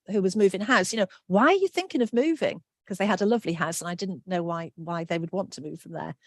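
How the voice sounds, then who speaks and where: A woman's voice: medium pitch, no echo, studio quality. A woman giving an online workshop talk, friendly and reassuring, reading out answers from the chat. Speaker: workshop presenter.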